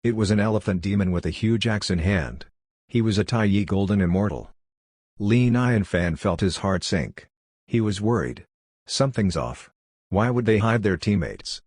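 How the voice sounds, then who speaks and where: Deep-voiced male audiobook narrator. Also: darkish tone, slightly rough, dry recording, clean studio sound. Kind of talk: scripted narration.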